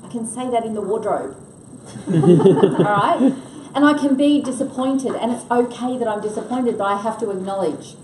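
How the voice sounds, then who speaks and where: A woman's voice: fairly high pitch, expressive, normal speed, recorded from a distance. An older woman runs a workshop and keeps asking her group questions. She talks in an engaging, interactive way. She is recorded from across an echoey room with a faint hum behind her. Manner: engaging, quizzes the audience. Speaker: workshop trainer.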